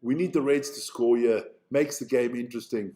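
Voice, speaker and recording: With a mellow, steady, mid-range voice at normal speed, a man with a South African accent reacts to rugby on a live stream. He chats casually, thinks out loud and swears freely.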